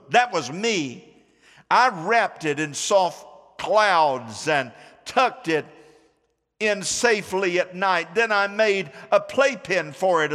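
A man's voice: fairly high pitch, a bit bright, long reverb tail. A male pastor preaching a sermon, drawing the congregation into call-and-response with sweeping swings of voice. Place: church sanctuary.

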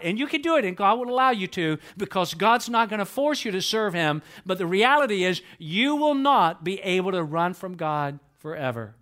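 A man's voice: high-pitched, expressive, normal speed, hardly any pauses, fairly bright tone. A man preaching a sermon in church. He is emphatic, repeats his key phrases and asks rhetorical questions. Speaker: pastor. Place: church with a projection screen.

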